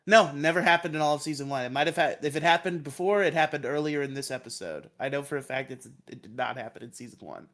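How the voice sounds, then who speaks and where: A man's voice: fairly high pitch, quick pace, few pauses, a bit bright. A man co-hosting a casual podcast, recapping episodes in a joking, insistent, self-mocking way. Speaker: podcast co-host.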